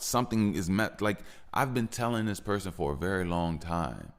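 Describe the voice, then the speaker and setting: Very deep, gravelly-voiced man venting. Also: moderate pace, faint music behind. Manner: frustrated, repetitive, rising into heated stretches. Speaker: podcast host. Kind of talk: personal venting monologue.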